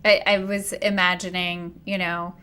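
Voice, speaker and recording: A woman's voice: on the low side, level tone, a little slow, bright, forceful tone, slight background noise. A woman hosting a podcast, talking in a reflective, affirming way in casual conversation. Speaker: podcast host.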